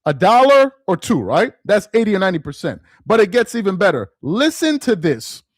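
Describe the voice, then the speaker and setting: A man hosting a live-stream commentary, reading aloud slowly with heavy emphasis and mocking what he reads. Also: high voice, big pitch swings, slightly rough, no echo, studio quality. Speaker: political commentary host.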